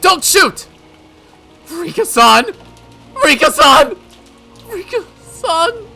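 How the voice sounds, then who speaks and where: A man's voice: very high voice, big pitch swings, moderate pace, faint music behind, voice pushed up, full character voice. A man voicing a grief-stricken teenage girl in a murderous rage, screaming threats through sobs. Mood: frantic screaming. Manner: shrieking, sobbing, screamed threats. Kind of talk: visual novel voice acting.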